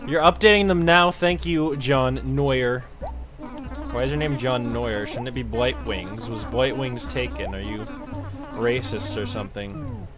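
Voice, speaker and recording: A young man giving casual, profane commentary while streaming a game, with frequent loud outbursts. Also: medium pitch, a little slow, music in the background. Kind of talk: casual live gameplay commentary.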